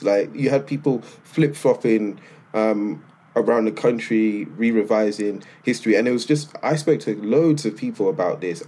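A man co-hosting a podcast, telling stories in a lively, slangy, casual way. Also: fairly low pitch, breathy edge. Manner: animated storytelling with slang. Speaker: podcast co-host. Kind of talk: casual chat.

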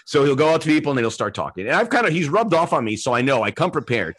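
Husky guy host telling stories, lively voice that jumps around, acts out what people said. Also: mid-range voice, racing. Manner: animated anecdotes, acts out quoted voices. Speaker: podcast host. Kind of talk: casual storytelling chat.

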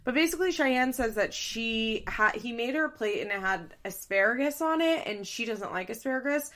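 A woman's voice: fairly high pitch, lively intonation, moderate pace, a bit bright. A woman chatting casually and giving strong opinions while recapping a reality show, slipping into other voices for quotes. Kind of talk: casual chat.

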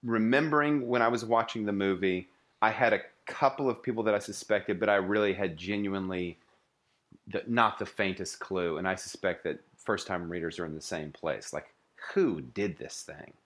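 Lower-voiced male co-host, wry playful delivery. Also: moderate pace, fairly bright tone. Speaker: podcast co-host. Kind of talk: casual book-club chat.

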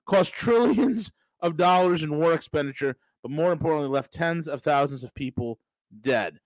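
A man's voice: fairly high pitch, moderate pace, no room sound, poor audio. A man with a slightly raised voice hosts a podcast and rants through his political commentary. He sounds sarcastic and mocking, leaning hard on his emphatic lines. The recording is dry and close to the mic. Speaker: podcast host.

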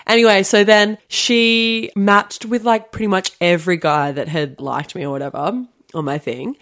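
A young woman co-hosting a podcast, telling a story in a casual, animated way, with many fillers and quick laughs. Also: mid-range voice. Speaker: podcast co-host.

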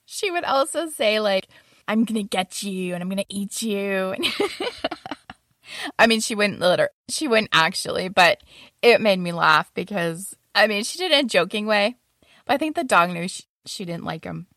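A woman's voice: mid-range voice, big pitch swings, normal speed, a bit bright, no echo, clean studio sound. A young adult woman casually telling stories about her roommates, often laughing as she talks. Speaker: storyteller.

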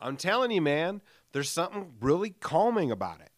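A man's voice: on the high side, sing-song, brisk, dry recording, studio quality. A man in his late thirties hosting a solo podcast, rambling casually with lots of fillers, self-mocking jokes and swearing. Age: late 30s. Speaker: podcast host. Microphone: studio microphone.

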